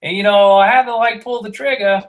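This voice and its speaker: A man doing a deadpan Boston ex-Marine. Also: sits high, brisk, a loud crowd, pitched above the performer's own voice. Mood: offhand. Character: wisecracking ex-Marine man, deadpan about violence.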